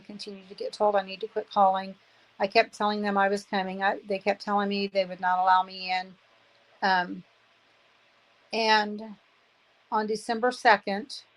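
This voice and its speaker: A woman's voice: mid-range voice, rough recording. A woman in her fifties giving an emotional personal testimony, aggrieved and earnest, repeating phrases for emphasis. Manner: aggrieved, indignant.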